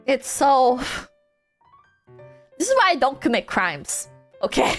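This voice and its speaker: High-voiced young woman telling a story. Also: slow, long pauses, soft background music. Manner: animated, swearing, bursts into laughing shouts. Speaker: streamer. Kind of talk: casual storytelling stream.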